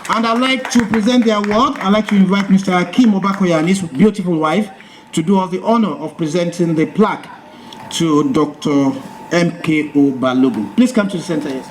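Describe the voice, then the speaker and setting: A man's voice: high voice, a little fast, a little hiss or hum. A man hosting a live event and rousing the audience. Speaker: master of ceremonies.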